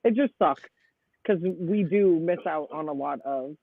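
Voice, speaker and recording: A man's voice: a little high, measured pace, vocal fry, no room sound. Chatty man on a tinny line. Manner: chatty, laughs often, animated storytelling. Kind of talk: casual chat. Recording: dry tinny phone-like sound.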